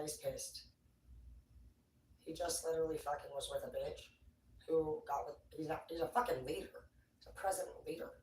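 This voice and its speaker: A livestreamer ranting in a rambling, profane, excitable way. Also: medium pitch. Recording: roomy echo, distant from the mic, faint noise.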